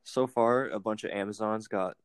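A young man co-hosting a podcast, laid-back and deadpan, tossing in dry one-liners. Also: on the low side, moderate pace, clear, resonant tone, dry recording. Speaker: podcast co-host. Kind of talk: casual chat.

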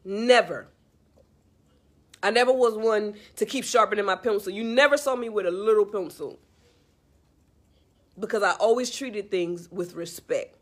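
A woman's voice: mid-range voice, normal speed. A woman speaks in a loose, heartfelt monologue, offering life advice. She is earnest and a little preachy, circling back to the same phrases to drive her points home. Her tone is casual and direct, as if talking to a friend. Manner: earnest, repetitive, preachy, talks straight to the listener. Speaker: vlogger giving life advice.

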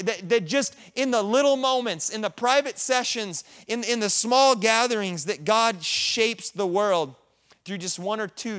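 A man's voice: high-pitched, fairly bright tone, smooth. A middle-aged man preaching a sermon as a pastor, earnest and rambling, often restarting his sentences.

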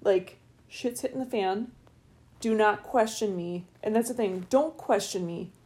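A middle-aged woman co-hosting a podcast, chatting casually and telling stories with lively acted-out voices. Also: medium pitch, unhurried. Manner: animated storytelling, acts out voices. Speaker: podcast co-host. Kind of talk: casual chat.

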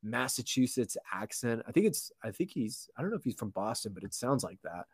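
A man's voice: medium pitch, big pitch swings, brisk, slightly rough, no room sound. Brief: young male guest, casual slangy storyteller, mid-range voice, dry close sound. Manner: slangy, lots of "like" and restarts. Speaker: podcast guest.

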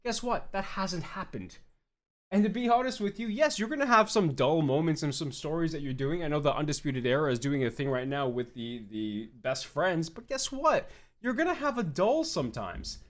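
A man's voice: fairly high pitch, lively intonation, moderate pace. A young man hosting a podcast, ranting bluntly with lots of swearing and mocking other fans in quoted voices. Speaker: podcast host. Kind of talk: opinionated podcast rant.

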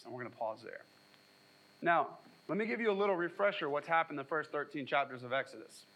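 A pastor with a slightly high voice preaches fairly quickly, reading scripture and retelling it as animated stories full of casual asides and jokes. The recording is rough.

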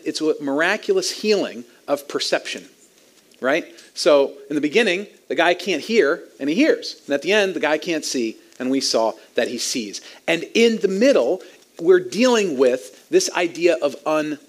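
A man preaching to his congregation in a lively, animated way. His voice sits a little higher than most men's. He teaches with easy chuckles along the way. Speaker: pastor. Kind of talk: sermon.

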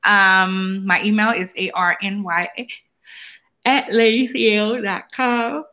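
A woman's voice: mid-range voice, steady tone, measured pace, bright, forceful tone. A woman co-hosting a podcast in casual chat, rambling with fillers and sounding tired. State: tired, yawning. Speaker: podcast co-host.

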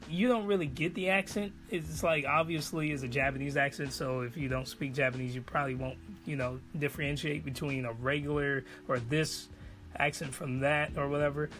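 A man talks through an anime review in a loose, casual way. He rambles and gets enthusiastic, and his voice sits a little high. Faint music plays under him. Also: a bit bright.

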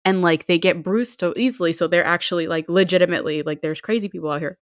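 A woman's voice: fairly low pitch, quick pace, no room sound, studio quality. A young woman co-hosting a casual podcast chat, telling blunt, profane stories and acting out what people said. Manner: blunt, profane storytelling with acted-out quotes.

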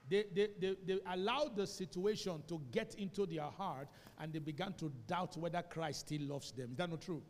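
Nigerian pastor guy preaching loud then soft, asks the room to say amen, long echo in the hall. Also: sits high, normal speed, hardly any pauses. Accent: Nigerian English. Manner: preaching with call-and-response, swinging between quiet asides and shouts. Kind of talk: sermon. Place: church hall.

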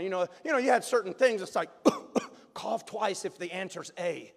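A male pastor telling a personal story in a sermon, animated and emphatic, sometimes bursting into a shout. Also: high voice, normal speed, creaky. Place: church sanctuary. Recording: long reverb of a large hall.

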